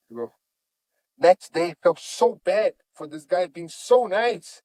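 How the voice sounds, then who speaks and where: Animated man in broken English. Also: high voice, unhurried, dry recording. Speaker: jiu-jitsu master, guest. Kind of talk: storytelling in conversation.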